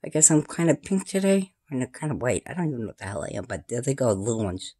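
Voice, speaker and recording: A woman, filming at home and rambling casually to her camera and her cat, often sliding into a high sing-song baby voice. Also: sing-song, fast, warm tone, breathy edge. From New York. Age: 50s. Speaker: paranormal vlogger. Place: indoors at home in a room.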